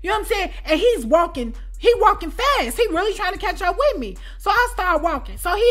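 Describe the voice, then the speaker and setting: A woman with a high voice tells a personal story in a relaxed storytime chat. She is animated and keeps asking her listeners whether they follow her. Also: fairly quick, few pauses. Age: adult with children. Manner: animated, keeps asking "you know what I'm saying?". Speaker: storytime channel host. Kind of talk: casual storytime.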